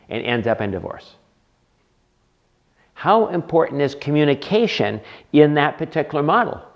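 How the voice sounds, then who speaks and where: A man teaching a counseling class as instructor, lecturing and asking the room rhetorical questions. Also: on the high side. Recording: dull lo-fi lecture recording.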